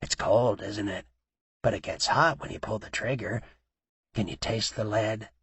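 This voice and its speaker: A man voicing a cold, cruel male mob boss who taunts in a low voice that he rarely raises. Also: steady tone, unhurried, fairly bright tone, husky, dry recording, heavily acted. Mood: menacing.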